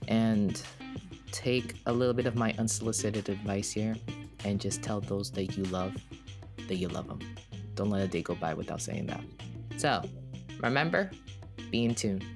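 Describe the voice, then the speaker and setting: A man's voice: fairly low pitch, normal speed, long pauses, music in the background. A man co-hosting a podcast, talking in an earnest, heartfelt way, often restarting his sentences. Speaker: podcast co-host. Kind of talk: casual reflective podcast talk.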